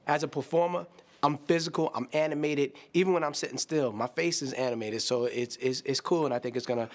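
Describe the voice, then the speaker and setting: A man, an actor, talking in a lively, joking and demonstrative way in a behind-the-scenes interview. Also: on the high side, brisk.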